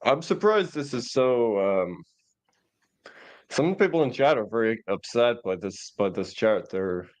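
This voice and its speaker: A man's voice: mid-range voice, animated, measured pace. A man hosting an online show casually, reading out viewer questions from the chat.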